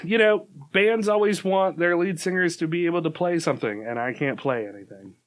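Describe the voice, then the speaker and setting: A man's voice: fairly high pitch, a little fast. A young adult man co-hosting a podcast, chatting casually and joking with a playful laugh. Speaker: podcast co-host. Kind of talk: casual comedic chat.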